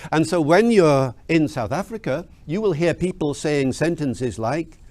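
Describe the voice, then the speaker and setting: A man explaining language change in an interview, telling lively anecdotes and asking rhetorical questions. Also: fairly high pitch, unhurried, no room sound. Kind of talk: explanatory storytelling.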